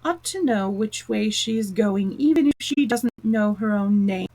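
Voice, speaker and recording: A woman voicing a prim old gentleman who speaks slowly and fussily. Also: mid-range voice, lively intonation.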